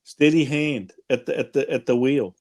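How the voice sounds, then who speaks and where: A man's voice: medium pitch, moderate pace, a little mellow. A man co-hosting a casual sports chat show, easygoing and chatty as he picks up viewers' comments. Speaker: podcast co-host.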